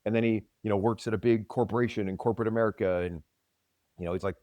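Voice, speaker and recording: A man's voice: lowish voice, steady tone, fast talker, dark tone, no room sound. A man co-hosting a podcast and coaching fitness, teasing and joking in casual banter. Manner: joking, teasing, playful impressions.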